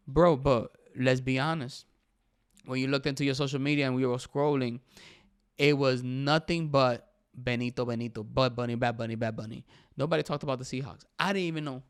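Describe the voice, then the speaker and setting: A man's voice: mid-range voice, a little fast, smooth, no echo, studio quality. A young man hosting his own podcast, talking casually and emphatically and saying "bro" often. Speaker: podcast host. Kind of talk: casual solo podcast commentary.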